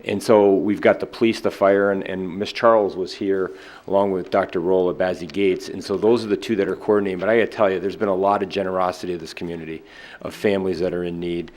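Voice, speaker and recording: A man with a very deep voice speaks as superintendent at a school board meeting. His remarks are loose and conversational, with fillers and restarts. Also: fairly even intonation, fast talker, darkish tone. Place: public boardroom.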